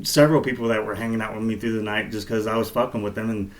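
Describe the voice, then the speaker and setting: A man co-hosting a podcast, telling stories in a relaxed, rambling way with lots of fillers. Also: fairly low pitch, quick pace. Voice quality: laid-back, rambling with many fillers. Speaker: podcast co-host. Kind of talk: casual storytelling chat.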